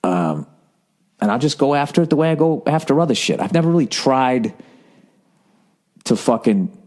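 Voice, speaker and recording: American guy in his 40s, podcast host, swears a ton, makes fun of himself, mid-pitched voice. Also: sing-song, normal speed, darkish tone. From United States. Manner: profane, self-mocking, with many restarts. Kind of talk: casual storytelling rant.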